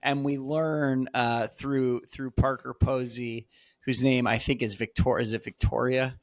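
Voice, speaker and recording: A man co-hosting a podcast in casual chat, excited, with stammering restarts and swearing. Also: mid-range voice, unhurried, no echo. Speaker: podcast co-host.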